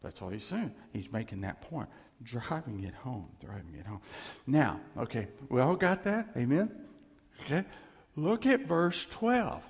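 A man's voice: medium pitch, very animated, a little slow. A man preaching a conversational, emphatic sermon, acting out quoted voices. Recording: reverberant hall.

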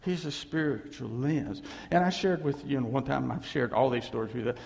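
A pastor delivers a sermon in a gravelly, medium-pitched voice at a fairly quick clip. He tells animated stories, laughing and acting out quotes in different voices. A long hall reverb fills the recording.

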